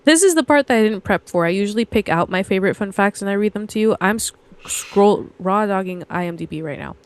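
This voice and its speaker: A woman's voice: mid-range voice, expressive, fast, clear, resonant tone. A young adult woman co-hosting a casual movie podcast, rambling through trivia and anecdotes. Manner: rambling storyteller, reads trivia aloud. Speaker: podcast co-host.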